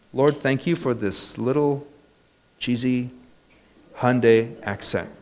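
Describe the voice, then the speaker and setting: A man with a slightly high voice preaching a sermon. He tells stories at a conversational pace, then rises to loud, ringing exclamations. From United States. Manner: storytelling, building to loud exclamations. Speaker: pastor.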